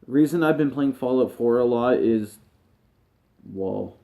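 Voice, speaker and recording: A man with a warm, mellow voice talks straight to his viewers while grieving and close to tears. His speech is halting and emotional, with phrases that often fade to a near hush. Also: mid-range voice, animated, creaky. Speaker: gaming streamer. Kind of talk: personal talk to camera.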